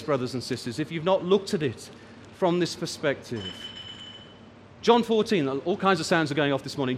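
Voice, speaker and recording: A man delivers a sermon in a high, lively voice that climbs and drops for emphasis, stretching out the words he wants to land. His voice carries a long echo from a large hall. A faint murmur of room noise sits behind it. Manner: rises and falls for emphasis, draws out key words. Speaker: preacher.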